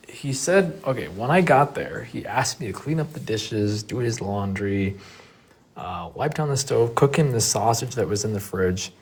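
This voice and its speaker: A livestreamer telling a story casually to chat, animated and swearing often. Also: mid-range voice, slightly rough.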